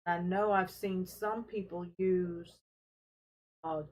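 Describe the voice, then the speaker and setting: A woman hosting a casual fish-keeping live stream from her home fish room, talking in an unhurried, friendly way with fillers as she carries her camera from tank to tank. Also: on the low side, fairly even intonation, a little mellow, low-quality recording. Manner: unhurried, friendly, talks while showing tanks, with fillers. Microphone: handheld camera she carries around.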